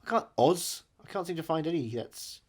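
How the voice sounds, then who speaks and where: British man cracking jokes, slightly high voice. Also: animated, normal speed. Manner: jokey, slips into silly put-on voices. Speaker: podcast co-host. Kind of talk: casual comedic chat.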